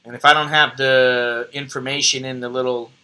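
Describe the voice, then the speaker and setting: A man's voice: medium pitch, little pitch movement, moderate pace, pushed and bright. A middle-aged American man hosting a casual live stream from his computer, rambling and joking at himself. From United States. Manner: rambling, self-deprecating, joking. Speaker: host.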